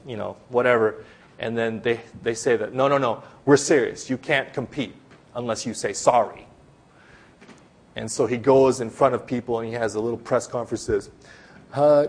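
Conversational man preaching a sermon. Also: mid-range voice. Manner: conversational preaching with many fillers and restarts. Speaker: pastor.

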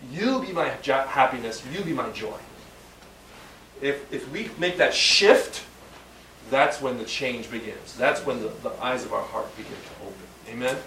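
A man preaching a sermon, halting and repeating words, then rising to emphatic peaks. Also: medium pitch, lively intonation, gravelly, fairly bright tone. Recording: roomy sound from a distant mic with faint background hum.

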